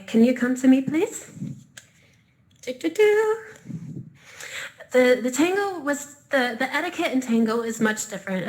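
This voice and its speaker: Bright, high-voiced woman teaching dance. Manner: upbeat, chatty, encouraging. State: a little out of breath. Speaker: dance instructor. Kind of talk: teaching a live dance class in virtual reality. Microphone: VR headset mic.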